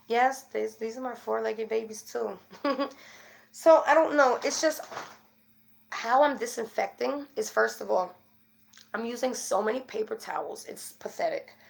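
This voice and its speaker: Woman vlogger, fairly high gravelly voice, rambling and frustrated, casual to-camera talk. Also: unhurried. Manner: rambling, with many fillers and restarts; worried and frustrated.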